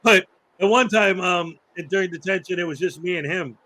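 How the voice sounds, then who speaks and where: A man's voice: sits high, fairly quick, sharp tone, rough recording. A man hosting a casual chat show, rambling through anecdotes, laughing often and acting out the people in his stories. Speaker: host.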